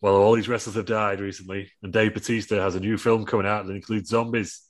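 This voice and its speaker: Low-voiced man rambling a story. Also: level tone, fast. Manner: rambling, laughs between lines, swears. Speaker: podcast co-host. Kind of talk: casual storytelling chat.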